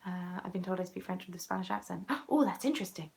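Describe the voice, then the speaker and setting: A woman's voice: lowish voice, fast talker, creaky, a little mellow. A young woman with an English accent, chatting casually and playfully as a crafting vlogger, often muttering asides under her breath. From England. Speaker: crafting vlogger hosting a chat. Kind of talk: casual chat.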